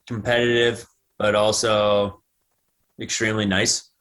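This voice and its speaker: A man's voice: lowish voice, flat delivery, unhurried, a bit bright, smooth. An American man in his thirties, a guest athlete giving thoughtful answers in a casual podcast interview. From United States.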